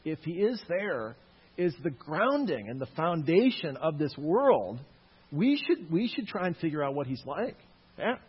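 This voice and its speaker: A man's voice: a little high, big pitch swings, unhurried, husky. A man lecturing a live audience on Christian apologetics, with jokey asides to the crowd. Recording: echoey hall, dull lo-fi sound.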